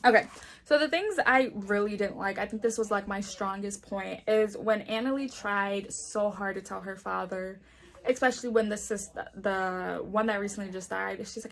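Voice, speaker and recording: A woman's voice: medium pitch, normal speed, vocal fry. A young woman chatting casually in a book review vlog, often saying "like" and acting out the characters' lines. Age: young adult.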